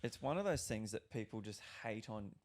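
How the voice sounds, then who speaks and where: A young Australian actor talking casually on a podcast, rambling and swearing freely with lots of restarts. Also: male voice, fairly low pitch, lively intonation, normal speed, a little mellow.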